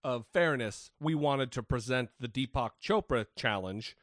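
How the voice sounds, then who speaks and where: A man's voice: mid-range voice, unhurried, a bit bright, no room sound, studio quality. A man co-hosting a casual skeptic podcast, joking and swearing, often stumbling and restarting his words. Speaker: podcast co-host.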